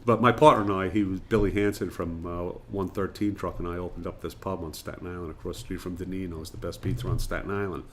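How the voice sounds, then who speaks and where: A man's voice: low-pitched, steady tone, fast, few pauses, slight background noise. A man being interviewed, a retired firefighter and pub owner, chatting through anecdotes with plenty of fillers. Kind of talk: casual storytelling interview.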